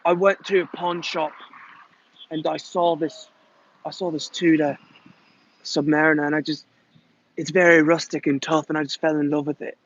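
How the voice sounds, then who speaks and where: A man's voice: on the high side, flat delivery, moderate pace, pauses often, lo-fi sound. An American man putting on a British accent to play a laid-back male celebrity footballer who tells a dreamy, boastful story. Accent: put-on British.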